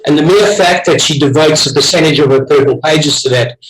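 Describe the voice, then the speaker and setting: A man's voice: a little high, fairly quick, reverberant, poor audio. A man with a South African accent hosting a casual online wine tasting, enthusiastic and chatty, often restarting his sentences.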